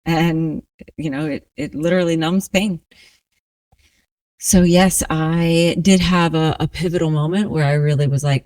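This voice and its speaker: A woman's voice: low-pitched, fairly even intonation, measured pace, a little mellow, no room sound. Earnest reflective woman from New Orleans. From New Orleans, USA. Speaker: guest, resilience coach. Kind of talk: candid personal storytelling.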